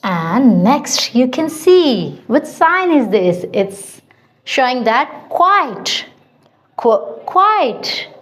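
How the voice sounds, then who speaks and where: A woman's voice: high-pitched, very animated, drawn-out words. A woman teaching a children's phonics lesson, in a sing-song way, repeating each sound.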